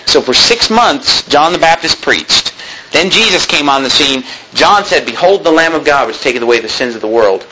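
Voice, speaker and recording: A man's voice: a little high, expressive, moderate pace, background noise. A man preaching a sermon, quoting scripture in old-fashioned wording and swelling his voice for emphasis. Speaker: pastor.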